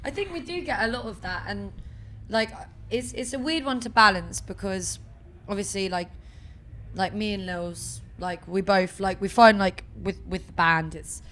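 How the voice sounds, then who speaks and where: A young woman from a band talks in a rush of casual chat, animated and full of swearing. Her voice is bright and forceful. She acts out what other people said as she goes. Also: medium pitch, normal speed, slight background noise. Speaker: band member, interview guest. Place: outdoor music festival.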